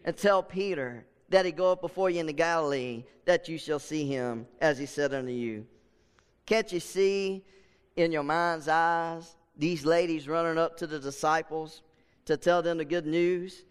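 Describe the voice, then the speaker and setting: A man's voice: a little high, unhurried, clean tone. A man preaching a sermon, building in fervor and repeating his points. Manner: preaching with rising fervor and repetition. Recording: long hall reverb.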